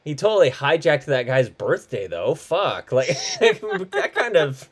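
A man in casual podcast chat about a film, easygoing and quick to laugh. His pitch moves widely as he talks. He swears offhandedly in conversation. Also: wildly swooping pitch, a little hiss or hum. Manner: laid-back, laughs often, swears casually. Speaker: podcast co-host. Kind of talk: casual movie review chat.

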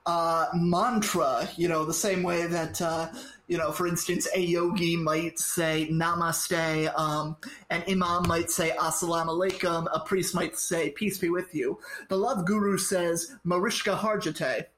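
A young man with a high voice co-hosting a comedy podcast, delivering jokes dry and mock-earnest. He sounds like he's in an echoey room. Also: fairly even intonation, unhurried, a bit bright, a little hiss or hum. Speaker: podcast co-host. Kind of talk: casual comedic chat.

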